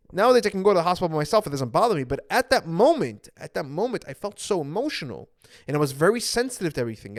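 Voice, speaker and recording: A man's voice: a little high, no echo, clean studio sound. A young man, an anxiety coach, earnestly telling his own story to viewers and repeating phrases for emphasis.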